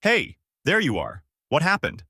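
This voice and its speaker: A man doing an excitable young pirate for a fan-made audio story, upbeat and loud, pitched above the storyteller's own voice. The sound is dry and close. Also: unhurried, slightly rough, no room sound, heavily acted. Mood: cheerful.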